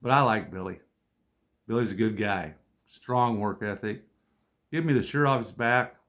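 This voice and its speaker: A man in his fifties telling funny stories about his friends in a casual, exasperated, deadpan way, with wry asides. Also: lowish voice, normal speed. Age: 50s. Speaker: storyteller vlogger. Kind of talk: casual comic storytelling.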